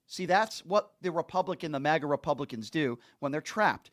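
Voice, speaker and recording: A man's voice: a little high, expressive, brisk. A male host delivering an angry political commentary rant, insulting and heavily emphatic.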